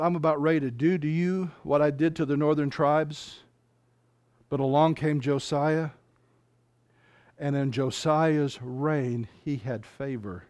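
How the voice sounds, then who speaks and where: Guy preaching hard, fervent sermon, voice on the high side. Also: darkish tone. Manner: preaching, fervent, reads scripture aloud, quick bursts. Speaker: pastor.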